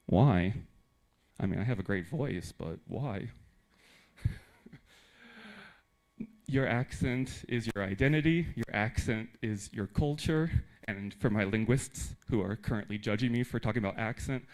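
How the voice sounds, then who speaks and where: Young American male presenter, lively, humorous, addresses the audience, mid pitch. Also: measured pace. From United States. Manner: animated, talks with humor and audience asides. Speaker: conference speaker. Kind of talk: live presentation to teachers. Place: theater.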